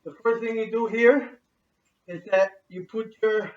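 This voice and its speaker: A man giving an unscripted how-to demonstration at home with his pets, talking in a halting way with many restarts and fillers. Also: high-pitched, fairly even intonation, distant mic. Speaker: dog owner giving a how-to. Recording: dull lo-fi sound from off mic.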